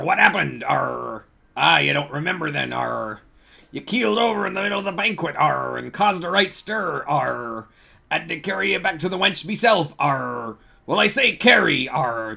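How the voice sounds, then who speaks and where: Brief: a man doing a loud, gravelly pirate sailor tacking "arr" onto every phrase, bright and pushy. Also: on the high side, animated, normal speed, pitched above the performer's own voice, exaggerated voice. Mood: hammy. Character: boisterous male pirate sailor. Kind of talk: reading game dialogue aloud.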